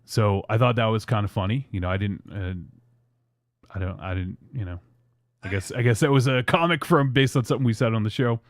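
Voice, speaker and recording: A man's voice: fairly low pitch, brisk, no room sound, studio quality. A man hosting a casual podcast, reading fan tweets aloud in a loose, rambling way. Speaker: podcast host.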